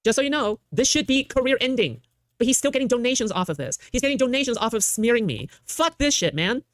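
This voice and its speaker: A man's voice: extremely high pitch, lively intonation, quick pace, fairly bright tone, no echo. A man ranting defensively on stream, repeating himself and tagging lines with "okay?". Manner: defensive, repetitive, keeps saying okay. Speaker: streamer in clips. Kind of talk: heated ranting.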